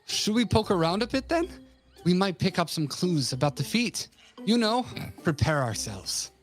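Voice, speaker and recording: A man's voice: high-pitched, big pitch swings, moderate pace, faint music behind, voice pushed up. A man voicing an eager, earnest young heir while reading game dialogue aloud.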